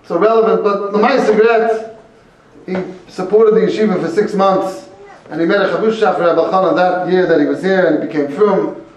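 A man's voice: sits high, a little hiss or hum. A man teaching a Torah class, telling a story in a conversational way, peppered with Hebrew and Yiddish terms. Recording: very echoey room, mic far off.

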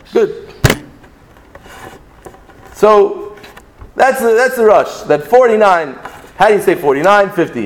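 A man gives a Talmud class in an animated, sing-song delivery, stopping to restart his sentences. His voice sits high for a man. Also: a little hiss or hum. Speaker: Torah teacher. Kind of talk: Talmudic lecture.

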